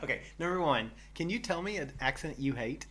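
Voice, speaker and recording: A man's voice: on the high side, lively intonation, brisk, a bit bright, slight background noise. A man co-hosting a casual chat, playful and laughing often. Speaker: podcast co-host.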